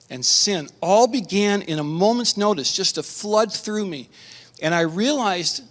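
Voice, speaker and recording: A middle-aged pastor tells a personal testimony to a conference audience in a slightly raised voice. His speech is earnest and emotional, stumbling over restarts. The long reverb of a large hall trails after each phrase. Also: sits high.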